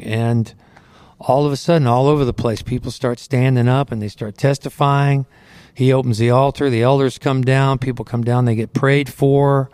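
A man's voice: medium pitch, steady tone, moderate pace, a little mellow, clean tone, no echo. A middle-aged man, a Christian singer, earnestly tells his testimony in a conversational way, often saying "you know", on a close studio microphone. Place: recording studio.

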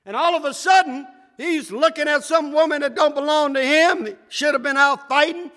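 A man preaching a sermon, shouting at times and swinging between loud and soft. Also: moderate pace. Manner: preaching with shouts and wide swings in pitch and loudness. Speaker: pastor. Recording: echoey hall.

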